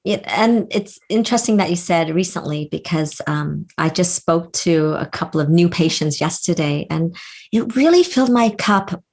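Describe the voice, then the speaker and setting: Woman podcast co-host, low voice, warm affirming explainer. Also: expressive, normal speed. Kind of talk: casual podcast chat.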